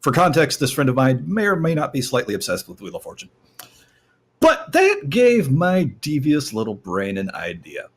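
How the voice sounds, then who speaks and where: A man's voice: medium pitch, huge pitch swings, normal speed. A man hosting a casual panel chat, with playful, theatrical emphasis. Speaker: podcast host. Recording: captured through desktop audio.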